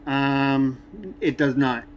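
A man hosting a fishing channel, reviewing a subscription box with irritation and frequent pauses. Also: medium pitch, level tone, lo-fi sound, a little hiss or hum. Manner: irritated, complaining, many "um" pauses. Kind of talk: unboxing review vlog.

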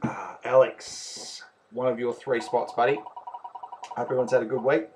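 A man's voice: mid-range voice, level tone, a little slow, noisy background. A man with an Australian accent, hosting a live raffle and commentating each name as it is drawn. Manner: chatty, calls names and counts spots. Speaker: raffle host.

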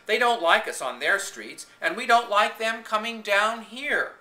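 A man voicing a fat, gloating, menacing king of beggars in a booming, theatrical way, recorded on a home camcorder in an echoey room. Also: unhurried, sharp tone, exaggerated voice. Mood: scornful.

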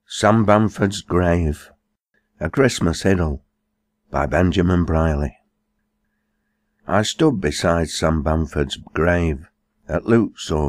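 A man's voice: deep voice, no room sound. A man with a Lancashire accent reciting dialect poems, lifting his voice for the quoted characters. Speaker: poetry reader.

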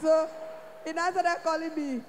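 Nigerian lady testifying in church, high pitched, acts out every quote, big hall echo. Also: a little slow, slight background noise. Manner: animated storytelling, acting out quoted speech.

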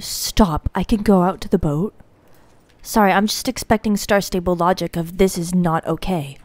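Excitable woman rambling through gameplay. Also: fairly low pitch, normal speed, dry recording. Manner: excitable, rambling, gushing with gasps. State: tired from filming late at night. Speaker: gaming YouTuber. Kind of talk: casual gameplay commentary.

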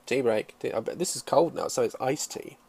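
A man hosting a let's-play, loud and excitable, swearing and taunting enemies as he plays. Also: mid-range voice, a little fast, gravelly, breathy edge, no echo. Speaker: gaming video host.

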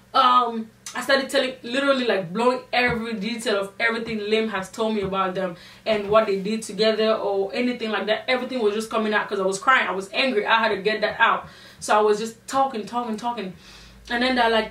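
Young woman vlogging a storytime, indignant and animated, echoey room. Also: a little high, a little fast, recorded from a distance. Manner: animated, indignant retelling with many fillers. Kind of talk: storytime vlog.

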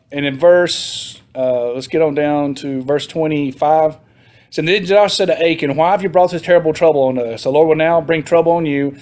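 A man teaches a Sunday school class, reading scripture and retelling it in a chatty way while laughing often and questioning the class. His voice is fairly high in pitch with a darkish tone, and the teaching style is casual.

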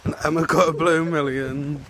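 A man's voice: on the high side, fairly even intonation, normal speed, a bit bright, slight background noise. A young man vlogging on a town street into a phone, chatty and self-mocking. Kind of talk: casual vlog chat.

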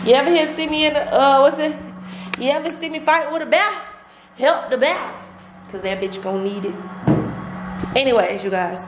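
Young woman vlogging at home, kinda high voice, cussing and venting, roomy echo. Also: normal speed, pauses often. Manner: frank, exasperated, heavy swearing. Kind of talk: casual vlog rant to camera. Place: indoors at home. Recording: echoey room with clear background noise.

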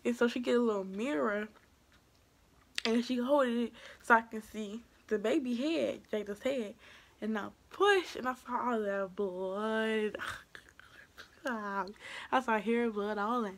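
A young woman tells a personal story to her vlog viewers. She is casual and animated, acting out the people in the story and swinging from near-whispers to loud outbursts. Her voice sits somewhat high. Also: measured pace. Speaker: vlogger.

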